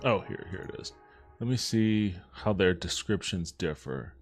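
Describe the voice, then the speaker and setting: A man's voice: low-pitched, lively intonation, unhurried, faint music behind. A man streaming a game, chatting casually and swearing freely. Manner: swears freely, rambling asides.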